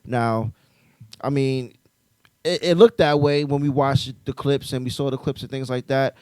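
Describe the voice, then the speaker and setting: A man's voice: medium pitch, steady tone, unhurried, a little mellow, clean tone, no echo. A man hosting a casual podcast, laid-back and full of ums as he moves between topics. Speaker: podcast host.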